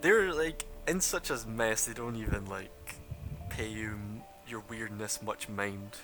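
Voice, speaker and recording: A man's voice: lowish voice, measured pace, pushed and bright, soft background music. A man running a tabletop game as game master, narrating loosely with lots of fillers and laughs. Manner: rambling, laughing, many fillers.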